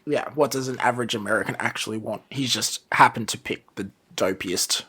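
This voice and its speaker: A man co-hosting a casual podcast chat. He chimes in with relaxed, agreeable remarks. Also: lowish voice, a little fast, husky. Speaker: podcast co-host.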